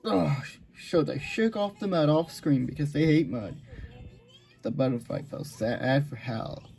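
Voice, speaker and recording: A woman's voice: low-pitched, a little slow, creaky, warm tone, soft background music. Woman rambling through a homemade fan story. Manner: rambling, with restarts and asides about goofs. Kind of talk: amateur read-aloud fan story with character voices.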